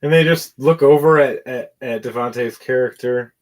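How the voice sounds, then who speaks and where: A man's voice: medium pitch, normal speed, rough recording. A man narrating a tabletop game as game master, in a casual, profane way.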